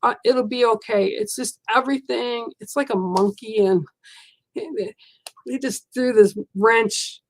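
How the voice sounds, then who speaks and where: A woman giving a live oracle card reading, talking in a gentle, reassuring and rambling way. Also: fairly high pitch, unhurried. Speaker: spiritual card reader.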